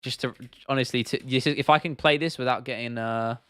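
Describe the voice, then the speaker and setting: This young British livestream host answers questions casually, a little fast, in a smooth, fairly bright medium-pitched voice with fairly even intonation and no echo. He's blunt, full of slang and swearing, and often starts sentences over.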